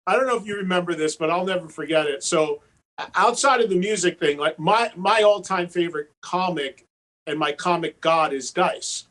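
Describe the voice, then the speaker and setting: A man's voice: sits high, moderate pace. A man who is a guest on a talk show, telling a story at length and acting out the people in it. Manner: animated storyteller, fond of quoted voices. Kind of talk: casual storytelling.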